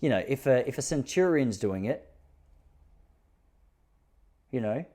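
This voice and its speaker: A mellow-voiced Australian man tells stories as a podcast host in a casual monologue, with lively intonation and a measured pace. He's laid-back and self-mocking, jumping into high-pitched disbelief when he tells jokes.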